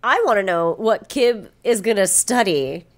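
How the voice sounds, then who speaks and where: Lively, giggly young woman chatting. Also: mid-range voice. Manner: animated, giggly, quick to tease. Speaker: podcast co-host. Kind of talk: casual chat.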